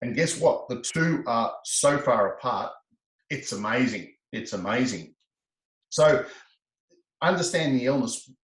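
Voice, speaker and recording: Animated man telling stories. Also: measured pace, reverberant, low-quality recording. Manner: expressive, acts out quoted exchanges with rising pitch. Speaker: laughter specialist guest. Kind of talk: animated conversational storytelling.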